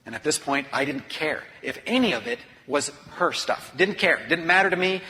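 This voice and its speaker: A man's voice: on the high side, expressive, moderate pace. Earnest man telling his story in a hall. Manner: earnest confessional storytelling that swings from hushed to intense. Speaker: author and speaker. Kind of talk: personal storytelling talk. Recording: long reverb of a large hall.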